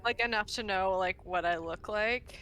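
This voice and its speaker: A woman's voice: mid-range voice, moderate pace, fairly bright tone. A woman taking part as a player in a tabletop game, talking in a playful, hesitant way with many fillers. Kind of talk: tabletop role-play.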